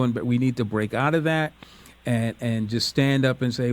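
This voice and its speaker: A man's voice: medium pitch, moderate pace. A man from the United States hosting a call-in radio talk show, speaking in an earnest, encouraging way.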